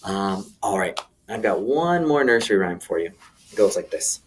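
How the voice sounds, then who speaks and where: A man's voice: lowish voice, very animated, normal speed, slight background noise. A man hosts a video lesson for young children. His playful, enthusiastic voice swings widely up and down, and he talks directly to his viewers as he gets ready for songs and a story. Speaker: children's teacher.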